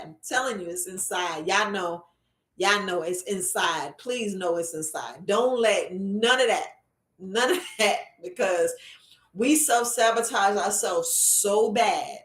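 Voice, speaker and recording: Speaking slowly in a medium-pitched, fairly bright voice, a woman herbalist runs a casual live stream full of repetitive, preachy motivation. She calls her viewers family, talking from a computer across the room with a roomy echo.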